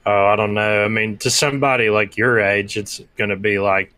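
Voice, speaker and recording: A man in his twenties co-hosts a podcast, answering in a slightly low, bright voice. He talks hesitantly, with plenty of fillers. The recording is dry and close. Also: little pitch movement, fairly quick, hardly any pauses, no echo. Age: 20s. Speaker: podcast co-host. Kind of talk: casual podcast chat.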